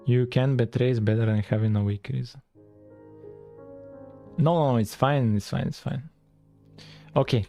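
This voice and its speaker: A man with a mellow, relaxed voice and a French-tinged accent, streaming while he codes. He rambles and chats loosely with his viewers, full of fillers. Soft music plays faintly behind him. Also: mid-range voice, normal speed, pauses often. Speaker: game-dev streamer. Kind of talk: casual live-stream chat while coding.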